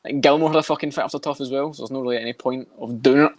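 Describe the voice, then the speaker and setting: A man's voice: mid-range voice, fairly even intonation. A man co-hosting a podcast, chatting casually and bluntly about fights with plenty of swearing. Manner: rapid, swears a lot, blunt. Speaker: podcast co-host.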